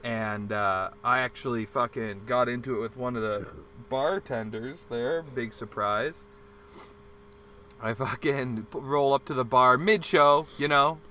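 A young man in casual chat, swearing freely as he tells a rowdy story and loudly acts out the arguments in it. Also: medium pitch, measured pace, slight background noise. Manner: acts out quarrels in a loud shouting voice.

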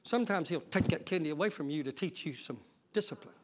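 A male pastor preaching a sermon, swelling into loud shouted passages. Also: on the high side, expressive, fast, a little hiss or hum. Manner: preaching with sudden shouted surges and folksy Southern-style talk.

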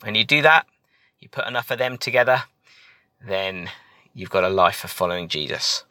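A man's voice: lowish voice, moderate pace, pushed and bright, dry recording. A man hosting a podcast, giving a reflective devotional talk in an earnest way, often restarting his phrases. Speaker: podcast host and Christian teacher.

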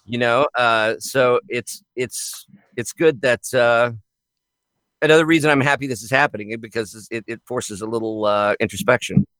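Voice actor guy thinking out loud, bright tone, keeps restarting. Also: mid-range voice, fairly even intonation, normal speed, dry recording. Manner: earnest, reflective, many restarts. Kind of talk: casual chat.

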